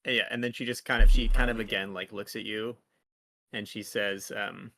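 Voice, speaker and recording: A man's voice: lowish voice, steady tone, normal speed, creaky, sharp tone. A man running a tabletop game as dungeon master, narrating scenes loosely with many fillers.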